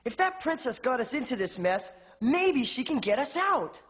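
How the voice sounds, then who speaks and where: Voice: sits high, big pitch swings, moderate pace, fairly bright tone. An actor voicing a wisecracking teenage hero in an old cartoon, over music. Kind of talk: 1980s cartoon voice acting. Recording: played cartoon clip with music.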